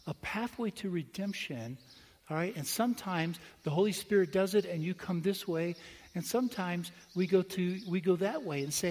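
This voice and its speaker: Male pastor, fairly high voice, storytelling sermon, long hall echo. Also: a little mellow, a little hiss or hum. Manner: conversational, anecdotal, swings between quick asides and slow emphatic phrases.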